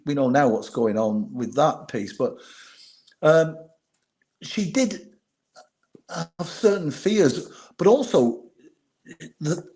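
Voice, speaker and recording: A man, a former bodyguard telling candid, lively anecdotes as a podcast guest. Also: mid-range voice. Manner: candid, animated anecdotes with laughter. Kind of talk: storytelling in a podcast interview.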